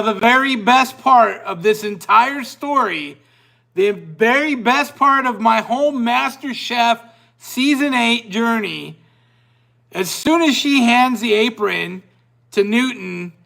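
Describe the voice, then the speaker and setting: A man's voice: very high-pitched, slow, vocal fry. A man hosting a podcast, telling a long personal story in a casual, rambling way and often breaking off mid-sentence. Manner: animated, rambling, self-interrupting. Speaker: podcast host.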